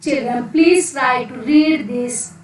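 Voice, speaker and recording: A woman's voice: high voice, slow pace, a little mellow. A woman with an Indian English accent, teaching a class and often checking with a rising "okay?". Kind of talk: classroom lesson. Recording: echoey room from a distance.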